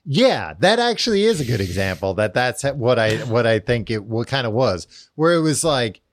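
A podcast co-host recaps a book in casual chat, rambling with plenty of fillers, restarts and frequent laughter. His mid-range voice is very animated and runs at normal speed. The sound is dry and clean, studio quality.

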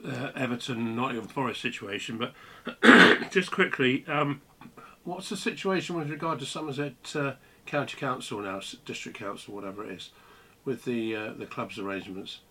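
A man hosting a football podcast, putting casual, halting questions to a guest. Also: mid-range voice, sharp tone, slight background noise. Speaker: podcast host.

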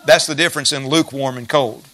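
A man's voice: mid-range voice, fairly even intonation, quick pace, pushed and bright. A middle-aged male pastor preaching a sermon in a folksy, emphatic way, repeating key phrases.

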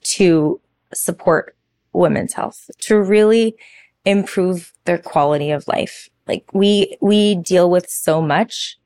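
Female guest, 30s; lively, filler-heavy storyteller; dry booth sound. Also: on the low side, slow, clear, resonant tone, no room sound. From Toronto, Canada. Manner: animated storyteller, chatty, many fillers. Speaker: guest, pilates instructor. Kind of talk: casual podcast interview.

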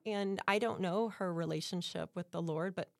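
A middle-aged woman speaks in a low, gravelly voice, earnest and full of feeling as she tells her stories. She talks in a loose, casual way with plenty of fillers. The sound is dry and close, with no room around it. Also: moderate pace, dry recording. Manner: earnest, emotional storytelling with frequent fillers. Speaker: guest, realtor and home stager. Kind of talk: casual interview chat.

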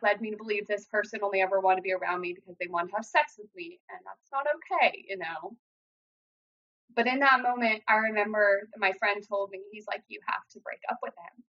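A young adult woman telling a painful personal story in an earnest, halting way, acting out what others said. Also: medium pitch, sharp tone. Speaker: guest sharing personal story. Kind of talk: emotional personal account. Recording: dull lo-fi sound.

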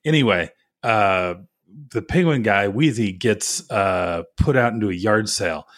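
Brief: man, low voice, dry close sound, loose jokey co-host who rambles and stalls. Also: a bit bright, no echo. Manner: rambling, halting with lots of ums; self-mocking, jokey. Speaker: podcast co-host. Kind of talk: casual chat.

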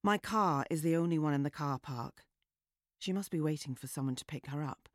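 A woman narrating a story in a measured, wry and understated way. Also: deep voice, no echo. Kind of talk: audiobook narration.

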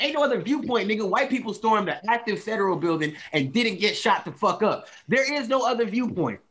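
A man's voice: high voice, lively intonation, fast, hardly any pauses, fairly bright tone. A man speaking in a casual, heated podcast chat, profane and rambling with lots of fillers. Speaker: podcast co-host.

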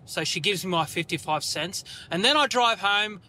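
Man, Australian accent, high voice, indignant, sweary caller story. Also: lively intonation, moderate pace, bright, forceful tone, slight background noise. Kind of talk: phoned-in storytelling.

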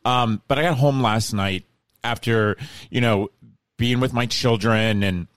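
A man's voice: medium pitch, measured pace, a bit bright, no echo, studio quality. A man in his fifties, a charity founder hosting a casual talk show, emotional and rambling, with many restarts. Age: 50s.

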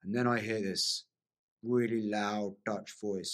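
A man's voice: fairly low pitch, steady tone, slow pace. A man, a podcast guest, vividly telling a personal story in casual conversation, laughing often and leaning on lots of "like" fillers.

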